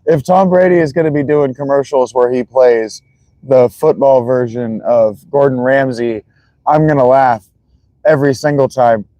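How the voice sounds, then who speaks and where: A man's voice: medium pitch, steady tone, moderate pace, mellow, no room sound, highs cut off. A man streaming live as he watches football, chatting casually and greeting viewers by name.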